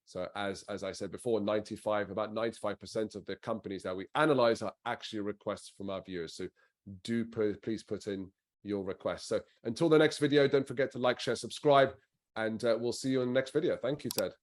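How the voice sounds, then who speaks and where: A man co-hosting a show, wrapping up in a conversational, slightly halting way. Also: fairly low pitch, steady tone. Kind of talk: casual show outro.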